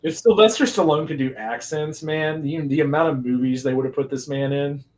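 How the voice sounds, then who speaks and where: A man riffing through a movie watch-along in a loose, rambling way, laughing often between thoughts. His voice sits a little above the usual pitch for a man. He sounds easygoing and chatty. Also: a little fast, a little mellow. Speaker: podcast host. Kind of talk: casual movie commentary.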